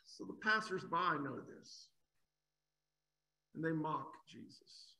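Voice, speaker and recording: A man's voice: fairly high pitch, lively intonation, slow, bright, forceful tone, poor audio. A man preaching an expository sermon, emphatic, asking rhetorical questions and often repeating words as he builds a point.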